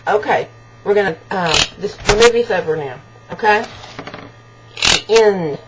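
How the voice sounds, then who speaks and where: A woman coos to her pet in a slow, unhurried baby-talk voice that rises and dips a great deal. She sounds affectionate and playful, filming at home. A loud steady hum and buzz sit behind her the whole time. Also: mid-range voice. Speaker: pet owner. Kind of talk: home video talking to a pet parrot.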